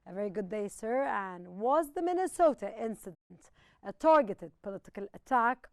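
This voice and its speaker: A woman hosting a live news interview show, formal and quick to interrupt her guests. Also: medium pitch, expressive, a little mellow, no echo. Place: studio.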